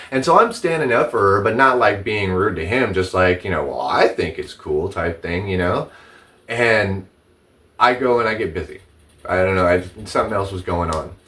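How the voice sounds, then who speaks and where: A man's voice: lowish voice, a bit bright, distant mic. A man telling his side of a personal dispute in a casual, profane vlog, repeating himself as his indignation builds. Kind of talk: casual, heated storytelling to camera.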